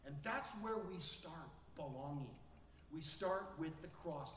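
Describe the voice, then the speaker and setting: A male pastor preaching a sermon earnestly, acting out quoted voices with sudden rises in pitch. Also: expressive, unhurried, roomy sound, far from the mic, slight background noise.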